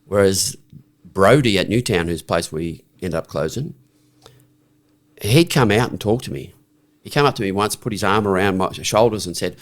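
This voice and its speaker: This podcast guest, a middle-aged man from Australia, sounds low-pitched and animated at a moderate pace. He narrates frankly and bluntly in a conversational way, restarting himself and often asking "right?".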